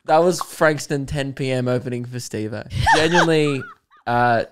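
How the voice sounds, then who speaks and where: A man's voice: medium pitch, moderate pace, very noisy. A young Australian man, a comedian co-hosting a podcast, chatting casually and acting out the people in his stories. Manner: animated storytelling, acts out quoted voices. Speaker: podcast co-host and stand-up comedian. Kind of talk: casual chat.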